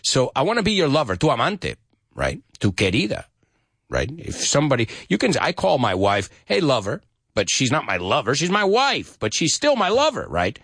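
A man's voice: medium pitch, wildly swooping pitch, moderate pace, fairly bright tone, slightly rough, dry recording, clean studio sound. A man teaching English to Spanish speakers, explaining song lyrics, singing short snippets and translating into Spanish.

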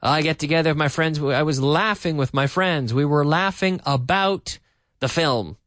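A man teaching an English lesson, repeating phrases slowly and then explaining them. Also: a little high, a bit bright, no echo, studio quality.

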